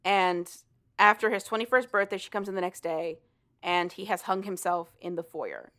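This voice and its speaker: A woman's voice: lowish voice, expressive, normal speed, fairly bright tone. A woman co-hosting a podcast, recapping a book in casual chat with lots of "like" fillers and acted-out character lines. She laughs easily and talks loosely and conversationally. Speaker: podcast co-host.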